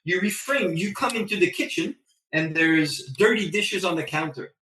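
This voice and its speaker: A man talking as a podcast guest in a casual chat, an animated storyteller who acts out his own lines. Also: sits high, normal speed, far from the mic, background noise. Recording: echoey room, away from the mic.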